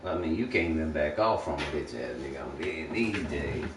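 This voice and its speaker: A man's voice: extremely low pitch, fairly quick, noisy background. A man giving a blunt, preachy, profane rant on a casual livestream. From Texas. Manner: blunt, preachy, swears a lot. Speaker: livestream streamer. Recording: echoey room, voice distant from the mic.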